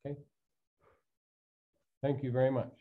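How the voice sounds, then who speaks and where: A man's voice: medium pitch, flat delivery, measured pace. A man chairing a public hearing, guiding speakers in a reassuring, procedural way. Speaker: meeting chair. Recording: dull lo-fi meeting audio.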